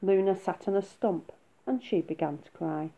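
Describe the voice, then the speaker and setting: A woman reading a children's story aloud in a soft, unhurried way. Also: medium pitch, husky. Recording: phone-like narrow sound.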